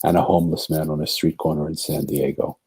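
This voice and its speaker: A man's voice: a bass voice, completely flat delivery, fast, darkish tone, breathy edge. A man as a podcast guest, telling a long story in an earnest way and acting out the voices of the people in it. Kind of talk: storytelling in a conversation.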